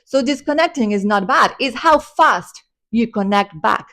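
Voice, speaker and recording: An excited woman giving a motivational spiritual vlog talk, breathless and gushing. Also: a little high, a little slow. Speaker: spiritual vlogger.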